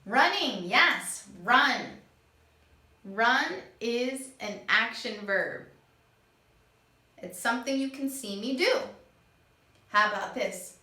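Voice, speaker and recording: A woman teaching young children, acting out each word she explains in a slow, animated way. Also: on the high side. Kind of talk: children's lesson. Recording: echoey room.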